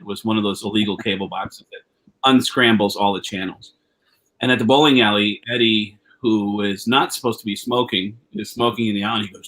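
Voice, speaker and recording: A comedian telling a long anecdote, animated, swearing freely and jumping into quoted voices, heard over a video call. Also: male voice, fairly low pitch. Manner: animated storyteller, acts out quotes with raised voice; profane, rambling with many restarts. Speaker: comedian guest. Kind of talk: storytelling anecdote.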